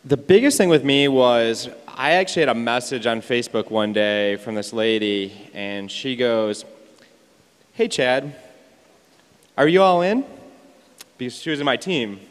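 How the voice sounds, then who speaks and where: Man on stage at an event, lively casual storyteller, mid-pitched, big echoey hall sound. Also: moderate pace, hardly any pauses. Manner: animated storytelling, laughing and swearing. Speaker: event speaker. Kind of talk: personal story told on stage.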